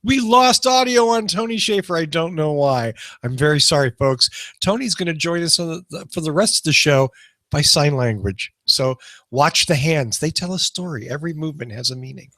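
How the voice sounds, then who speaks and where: A man's voice: fairly high pitch, lively intonation, moderate pace, a bit bright, dry recording. A man co-hosting a car podcast in casual banter, joking and facetious. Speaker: podcast co-host.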